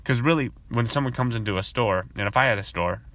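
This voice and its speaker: A man hosting a podcast, talking in a casual, rambling monologue full of profanity, and sometimes mimicking coworkers in high voices. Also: quick pace, a bit bright, dry recording. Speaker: podcast host.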